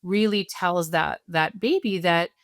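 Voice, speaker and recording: A woman as a parenting expert guest, explaining in a conversational teaching style, animated and earnest, walking through examples step by step. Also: fairly low pitch, measured pace, no echo, clean studio sound. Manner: animated, acts out parents and kids in quoted voices.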